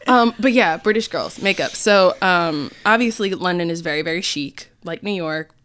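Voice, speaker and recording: A woman's voice: lowish voice, normal speed, slight background noise. Chatty, laughing woman podcast host. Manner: animated, laughs often, lots of fillers. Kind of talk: casual chat.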